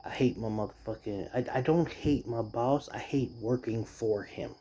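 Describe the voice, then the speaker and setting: A man's voice: mid-range voice, normal speed, slight background noise. Profane man ranting about his job. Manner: profane, animated storytelling with mocking impressions. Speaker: podcast or vlog host venting about work. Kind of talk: casual rant.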